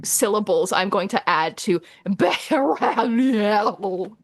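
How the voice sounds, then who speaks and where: A woman with a mid-pitched voice, co-hosting a casual livestream about tabletop games. She talks in a friendly, easy way and explains rules with examples. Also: slow pace, no room sound. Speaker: livestream co-host.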